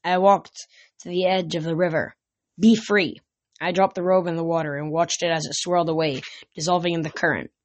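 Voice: medium pitch, little pitch movement, brisk, no echo. An amateur reader casually reading a novel aloud, often tripping over words and correcting them. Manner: stumbles and corrects words mid-sentence.

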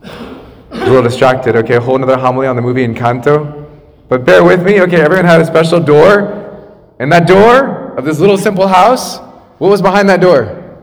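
A man pastor in his thirties preaches in a casual, chatty way, full of asides and restarts. His voice sits a little high for a man. It rings out with the long reverb of a church hall. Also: brisk. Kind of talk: sermon. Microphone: makeshift microphone after the main one broke.

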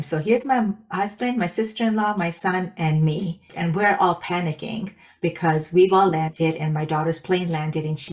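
A woman with a somewhat low voice, telling a story in a lively, animated way. Her delivery is casual and chatty, like friends talking on a podcast.

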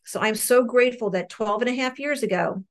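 A woman's voice: a little high, fairly quick. Middle-aged woman, New Jersey accent, candid and earnest, speaking on a video call. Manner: earnest, frank, repeats words as she goes. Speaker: meeting member sharing. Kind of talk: personal recovery share. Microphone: online meeting call.

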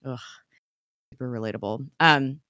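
A young woman with a notably low-pitched voice recaps a TV episode in a loose, chatty style. She fills her talk with ums and acts out the characters' lines with laughing asides. The sound is dry and close, with no room echo. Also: moderate pace, pushed and bright, dull audio. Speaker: podcast co-host recapping a TV episode. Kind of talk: casual chat.

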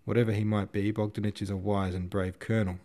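A man's voice: fairly low pitch, flat delivery, fast talker, mellow, natural voice. A man doing a blunt, scolding old staff captain. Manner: scolding, earnest, coarse slang. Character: gruff older male staff captain, blunt.

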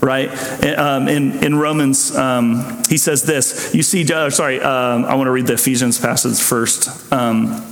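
A man's voice: mid-range voice, a little slow, vocal fry, few pauses. Casual preaching man in an echoey hall. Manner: conversational, animated, with many restarts and asides. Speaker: pastor. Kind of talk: sermon. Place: church sanctuary.

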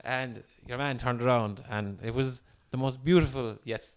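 A man, a guest on a casual comedy podcast, telling stories in an animated way and laughing often. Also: medium pitch, moderate pace, smooth.

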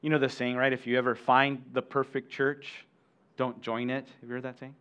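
A man's voice: medium pitch, flat delivery, moderate pace, smooth. Conversational male pastor preaching. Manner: conversational, warm asides to congregation, self-correcting restarts. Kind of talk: sermon.

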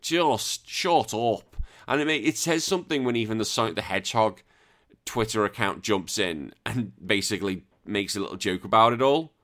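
A man's voice: on the low side, animated, brisk, pushed and bright. A man hosting a gaming video, ranting in an exasperated, sweary, rambling way with frequent restarts. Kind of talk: casual ranting commentary.

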